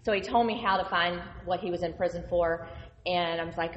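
Woman preacher sharing testimony, lively storyteller, long hall reverb. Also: on the low side, brisk, lo-fi sound, slight background noise. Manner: animated, conversational storyteller. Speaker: minister.

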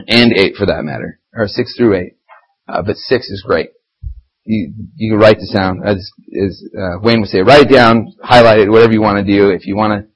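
A man's voice: mid-range voice, slightly rough, rough recording. A man giving an informal, conversational church sermon, reading scripture and getting heated as he talks. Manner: animated, conversational, grows heated when describing fighting Satan. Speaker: church lay preacher.

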